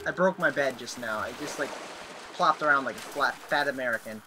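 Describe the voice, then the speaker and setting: A young man commentating as he plays a horror game, excitable, with sudden yelps and shouts. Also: medium pitch, a little fast, background noise. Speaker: gaming video host. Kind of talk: let's play commentary.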